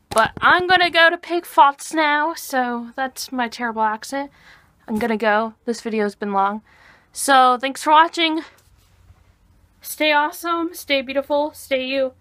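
A woman's voice: a little high, a bit bright, no echo. Giggly rambling young American woman. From United States. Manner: rambling, giggly, many ums. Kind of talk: casual cosplay vlog.

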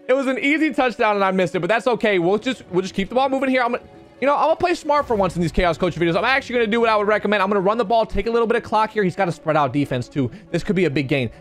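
A young man giving live commentary over his own football video game match, talking to himself and the viewers, his voice jumping up when something goes wrong. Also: high voice. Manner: excitable, talks to himself while playing, voice jumps up when outraged. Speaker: gaming video creator.

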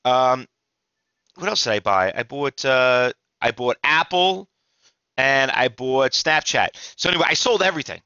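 A man's voice: mid-range voice, a little slow, sharp tone, smooth, dry recording, highs cut off. A middle-aged man, an exhausted trading instructor giving rambling, emphatic market commentary to viewers with many restarts.

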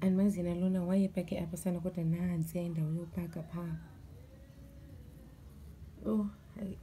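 A woman's voice: fairly low pitch, little pitch movement, normal speed, pauses often, dark tone, slight background noise. A young South African woman vlogging in a casual, chatty way, complaining in an exasperated tone and talking straight to her viewers. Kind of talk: casual vlog chat to camera. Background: background music.

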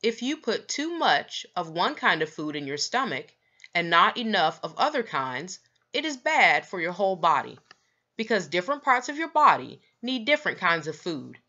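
A woman's voice: fairly low pitch, sing-song, moderate pace, pushed and bright, lo-fi sound, heavily acted. A woman voicing an anxious mother who explains things patiently, in a storybook read-aloud. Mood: explaining. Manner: flustered then patiently explaining.

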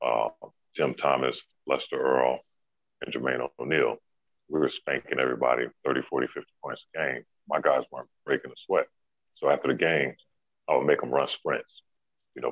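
A man in his forties, a former pro basketball player, telling a story as a podcast guest in a relaxed, casual way, peppered with "you know, man". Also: very deep voice, vocal fry, no echo. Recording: tinny phone-line sound, dry.

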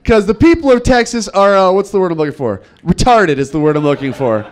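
This high-voiced comic talks fast with hardly any pauses. He's a twenty-something from Nevada working a club stage, poking fun at himself and doing lively impressions of the locals.

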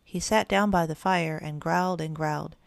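A woman narrating a children's story in a gentle storytelling manner. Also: deep voice, fairly even intonation, moderate pace, creaky, dry recording, studio quality. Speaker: audiobook narrator. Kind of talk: children's story read aloud.

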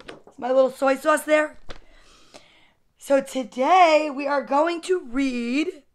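A woman's voice: sits high, fairly bright tone. A woman hosting a casual storytime livestream, chatty and gushing, greeting viewers by name between books. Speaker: storytime host. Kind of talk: casual livestream book reading.

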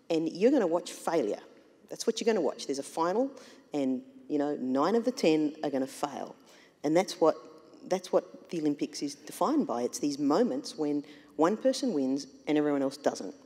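A woman with a low, dark voice speaks earnestly at a live talk, her pitch rising and falling widely as she makes her points. She poses rhetorical questions to the room. The hall adds a long reverb behind her. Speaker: panel guest. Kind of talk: reflective speech at a live talk. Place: event hall with audience.

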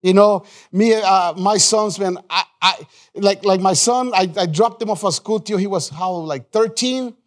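High-voiced man preaching emphatically. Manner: emphatic preaching with repeated phrases and call-and-response; restarts and stumbles in quick bursts. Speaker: pastor. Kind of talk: live sermon. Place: church.

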